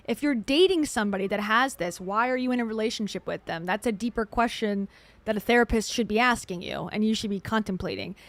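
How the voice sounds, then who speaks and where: A woman's voice: a little high, no room sound. A woman hosting a reaction commentary, talking in a wry, skeptical way. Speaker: commentary host.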